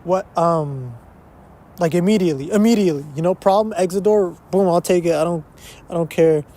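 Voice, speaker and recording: Warm, high, and fairly quick, the young man's voice fits his casual solo podcast, recorded somewhere uptown in a big city. He rambles, interrupts himself, swears freely, and slides between English and Spanish.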